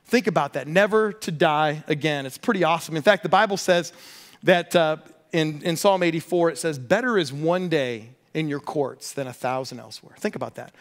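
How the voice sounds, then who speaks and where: A middle-aged man, a pastor, preaching a sermon with animated storytelling and humor. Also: a little high, moderate pace.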